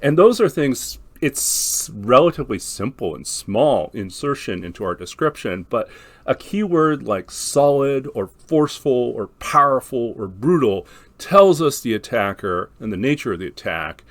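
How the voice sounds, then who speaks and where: A man's voice: mid-range voice, expressive, unhurried, no echo. A man teaching how to describe combat in tabletop games, talking in a thoughtful, explanatory way with frequent ums and restarts. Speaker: game master teaching description. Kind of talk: instructional talk.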